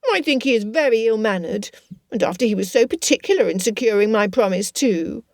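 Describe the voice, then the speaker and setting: A woman voicing a spoiled, excitable young woman who pouts and complains. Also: medium pitch, fairly quick, dry recording, clean studio sound, close to an everyday voice. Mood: petulant complaint. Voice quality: petulant, pouting.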